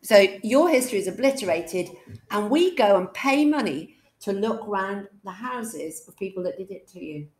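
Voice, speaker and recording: A woman's voice: medium pitch, expressive, normal speed, a little mellow. A woman English teacher giving a classroom lesson, chatty and jokey, quizzing her students as she goes.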